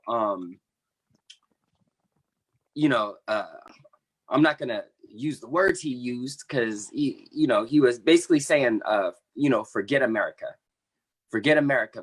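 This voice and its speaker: An earnest man in his thirties shares his personal story on an online panel. He speaks with conviction but stops and restarts often. His voice sits at an ordinary mid pitch, heard over a video call. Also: slightly rough. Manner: earnest, impassioned, with halting restarts. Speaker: membership coordinator of an activist group.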